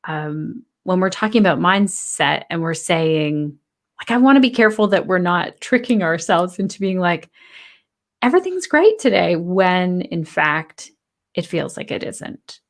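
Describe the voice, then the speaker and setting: A woman's voice: lowish voice, a little slow. A woman host asking questions in a thoughtful, conversational live interview.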